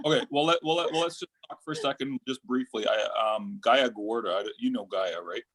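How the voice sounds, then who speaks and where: A man's voice: mid-range voice, a little fast, a bit bright, husky. A man co-hosting a podcast, asking questions in a playful, bantering way during a casual interview. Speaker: podcast co-host.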